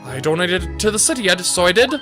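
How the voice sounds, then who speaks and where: A grandiose, boastful rich gentleman with a put-on Irish lilt, as a game streamer acts him out. The voice swings widely in pitch and stays indignant and theatrical, with game music playing behind it. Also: very animated, fast talker, close to an everyday voice. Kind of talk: reading game dialogue aloud.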